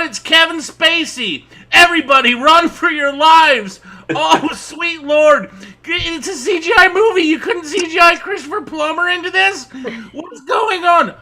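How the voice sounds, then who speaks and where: A man's voice: extremely high pitch, pushed and bright, voice pushed up, exaggerated voice. A man voicing a goofy little male bug with a put-on Canadian accent, rambling and panicky with jokey asides. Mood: panicked. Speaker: improv performer.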